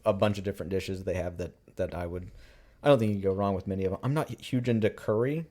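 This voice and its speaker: Low, mellow-voiced podcast co-host man. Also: fast. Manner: laid-back, drops supportive interjections. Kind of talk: casual chat.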